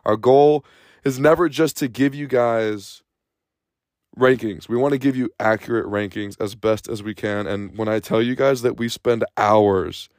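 A man's voice: medium pitch, measured pace, a little mellow, no room sound, clean studio sound. A man hosting a sports podcast, talking casually and energetically, a bit out of breath, rambling and restarting his sentences. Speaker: podcast host.

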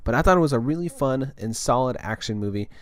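A man's voice: mid-range voice, lively intonation, fast. A young adult man hosting a podcast in a casual, rambling monologue full of fillers and restarts. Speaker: podcast host.

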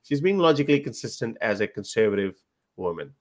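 A man's voice: on the low side, fast. A man co-hosting a casual podcast chat, teasing his friends and acting out quoted lines as he tells stories. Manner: animated storyteller, acts out quotes, teasing. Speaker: podcast co-host.

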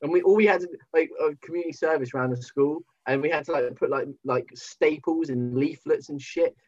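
A man's voice: fairly high pitch, lively intonation, brisk. A young British man, a podcast guest, chatting casually and jokingly over a video call, swearing and playing up mock indignation. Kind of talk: casual banter. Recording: muffled lo-fi call audio.

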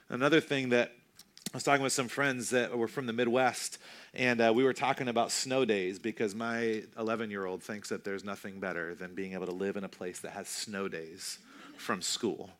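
A man in his thirties preaching a sermon in a conversational, self-deprecating way, slowing down for emphasis. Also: medium pitch, fairly bright tone. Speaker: pastor.

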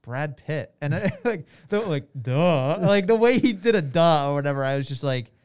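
A man co-hosting a casual podcast, giving quick, excitable opinions and often restarting his sentences. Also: on the high side, clean tone. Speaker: podcast co-host.

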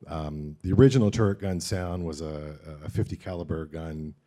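A man, a sound designer, answering questions on a panel in a relaxed, offhand way. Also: low voice, normal speed.

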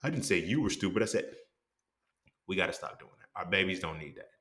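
A man talks through a casual podcast monologue. He swears freely, turns animated, and keeps asking if you feel him. The room around him is echoey. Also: low-pitched, a little fast. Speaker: podcast host.

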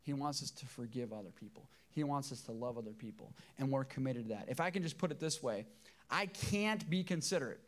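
A man's voice: medium pitch, brisk. A middle-aged man preaching a sermon as pastor, emotional and emphatic, repeating key phrases.

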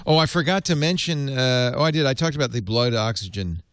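A man's voice: medium pitch, a little fast, fairly bright tone, no echo. A man hosting a casual tech podcast, rambling, laughing and reading items from his notes on a close mic. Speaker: podcast host.

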